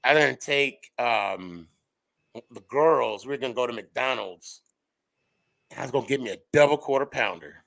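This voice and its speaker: A middle-aged man hosts a podcast in casual chat, telling stories with big swings in loudness and pitch. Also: normal speed, vocal fry, low-quality recording. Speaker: podcast host.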